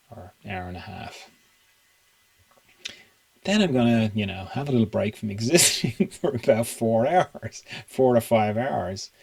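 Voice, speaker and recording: A man's voice: on the low side, vocal fry, darkish tone, poor audio. Musing man who laughs often. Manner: musing, laughs often, many fillers and restarts. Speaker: spiritual teacher. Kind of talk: reflective monologue.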